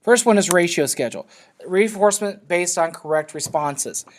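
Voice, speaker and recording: A man's voice: high voice, expressive, normal speed, slight background noise. A man teaching a class in a loose, conversational lecture, often checking in with his students. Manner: loose, checks in with frequent "okay?".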